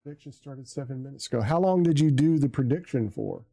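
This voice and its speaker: A man's voice: mid-range voice, lively intonation, quick pace, creaky, mellow. A man live-streaming from a home desk setup, muttering to himself as he fumbles through settings, often trailing off. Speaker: livestreamer. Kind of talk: casual live-stream chat. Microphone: desk mic on an arm.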